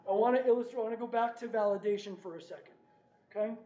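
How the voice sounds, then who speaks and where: A man's voice: high-pitched, racing. A middle-aged man speaking at a parent meeting, telling stories and often asking the audience "right?". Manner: animated, asks the audience "right?". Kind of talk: presentation with storytelling. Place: meeting room. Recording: roomy, distant, dull room recording.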